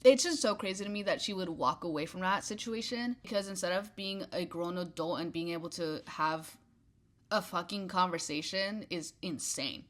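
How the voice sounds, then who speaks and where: A young woman casually telling a storytime, animated and petty, acting out quotes and dropping to whispered asides. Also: fairly low pitch, normal speed. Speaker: vlogger.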